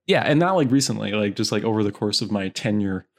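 A man's voice: lowish voice, fast talker. A man co-hosting a podcast, chatting casually and joking while reading movie blurbs aloud. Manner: animated, jokey, reads movie blurbs aloud. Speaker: podcast co-host.

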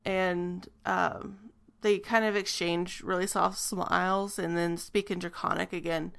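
A woman narrating a tabletop game as game master, describing scenes with frequent pauses and ums. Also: lowish voice, level tone, vocal fry, fairly bright tone.

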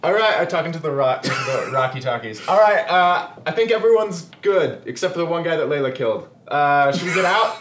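A man's voice: a little high, expressive, brisk, few pauses, a bit bright. A man chatting as a player in a tabletop role-playing game. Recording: echoey room with faint noise.

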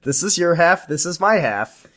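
A man's voice: on the high side, expressive, moderate pace, a bit bright. A man co-hosting a casual recap chat, with dry, ironic asides. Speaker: podcast co-host.

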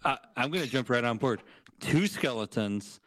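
A man's voice: mid-range voice, animated, normal speed, fairly bright tone. A podcast guest in casual conversation, with a mid-range male voice. He weighs his words and delivers his opinions with dry humor. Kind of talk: casual movie review chat.

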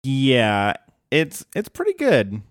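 A man's voice: mid-range voice, wildly swooping pitch, slow pace, no room sound, studio quality. A man co-hosting a podcast, chatting casually about a cartoon episode, enthusiastic and often laughing. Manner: enthusiastic, laughs often, quotes lines with a grin. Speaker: podcast co-host.

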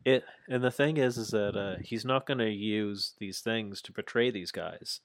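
A man co-hosting a podcast, chatting casually about wrestling and retelling scenes with animated acted-out quotes. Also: lowish voice, moderate pace, no echo. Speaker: podcast co-host.

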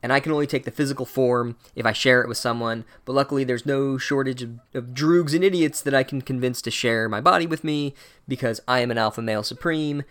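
Voldemort, a man doing a boastful bro dark wizard. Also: mid-range voice, a little fast, close to an everyday voice. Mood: smug. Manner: boastful, bro-ish swagger. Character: smug scheming dark wizard, male adult.

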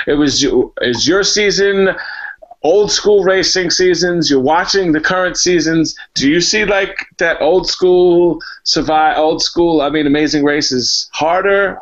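A high-pitched man co-hosting an interview. He chats eagerly, jumps in and fires off questions at the guest. The sound is dull and lo-fi. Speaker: co-host. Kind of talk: conversational interview. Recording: dull lo-fi recording.

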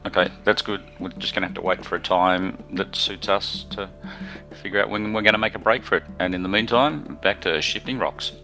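A man's voice: low voice, brisk, gravelly, pushed and bright, faint music behind, low-quality recording. A man playing a tabletop game, easygoing and planning aloud. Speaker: player. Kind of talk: tabletop role-play.

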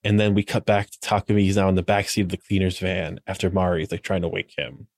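A man's voice: deep voice, level tone, fast, vocal fry, a little mellow, no echo. A man co-hosting a podcast, retelling episode events in a loose, filler-heavy way. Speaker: podcast co-host. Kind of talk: casual episode recap.

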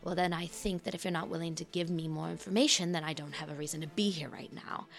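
A woman voicing a nervous, guarded male professor who speaks quietly and haltingly. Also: sits low, steady tone, gravelly, faint music behind. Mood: insistent. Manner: hesitant, quiet, halting speech.

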